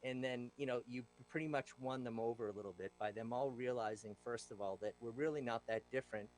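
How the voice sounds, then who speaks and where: A man at a medium pitch, talking as a show guest in a casual, animated way. He uses plain words and many fillers, and now and then slips into lively impressions of himself speaking to a room. The tone stays conversational and direct. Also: fairly quick, a little hiss or hum, low-quality recording. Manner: animated, acts out what he told the class; loose, plain-spoken, lots of fillers. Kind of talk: casual interview storytelling.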